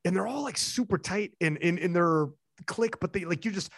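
A young man hosts a relaxed conversation, spinning animated stories full of slang. His voice sits slightly higher than most men's. The sound is dry and close, with no room around it. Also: a little fast, vocal fry, dry recording. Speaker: podcast host and event commentator. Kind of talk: casual chat.

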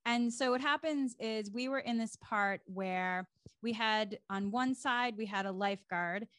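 A middle-aged woman tells a personal story on her podcast, her voice sitting a little high. She is lively and a touch breathless, leaning on fillers as she goes. The sound is dry and close, with no room in it. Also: a little slow, smooth, no echo. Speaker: podcast co-host. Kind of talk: casual storytelling.

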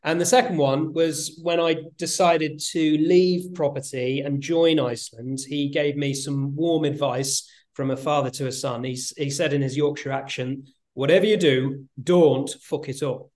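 A man talking casually as a guest on a podcast, animated, laughing often and repeating words for emphasis. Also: a little high, normal speed, few pauses. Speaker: guest, retail executive.

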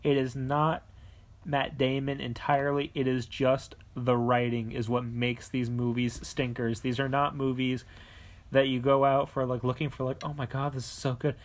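A young man co-hosting a casual chat, blunt and animated, swearing freely as he tells stories. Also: medium pitch, moderate pace. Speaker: podcast co-host.

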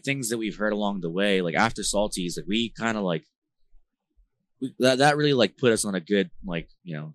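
Deep-voiced man telling band stories casually. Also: dry recording. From New Jersey. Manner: rambling, filler-heavy slang talk with frequent "like" and "bro"; animated, gets louder when retelling tense moments. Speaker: band vocalist, podcast guest. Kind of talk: casual conversational storytelling.

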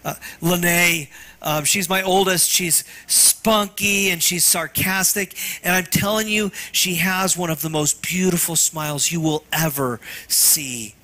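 Bright-voiced earnest male preacher. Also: high-pitched, fairly even intonation, unhurried. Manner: earnest and tender, often dropping to a hush. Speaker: pastor. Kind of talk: sermon.

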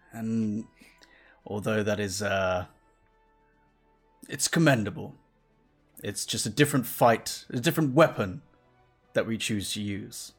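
A man voicing a towering, calm male warrior-priest who speaks in a slow, measured, solemn way. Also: fairly low pitch.

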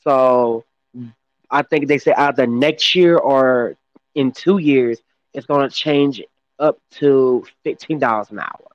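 A man co-hosting a casual gossip podcast, talking haltingly with lots of fillers and restarts. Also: mid-range voice, no echo, highs cut off. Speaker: podcast co-host.

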